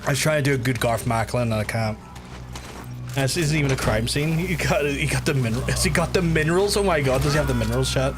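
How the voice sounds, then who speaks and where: A man's voice: mid-range voice, fast, over music. A man streaming a video game, rambling and swearing in chatty asides to his viewers, close to his microphone. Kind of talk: casual gameplay livestream commentary. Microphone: close to the mouth.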